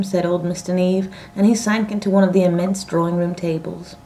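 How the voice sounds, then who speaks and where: A woman reading a story aloud in a measured, expressive audiobook narration. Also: on the low side, slight background noise, rough recording.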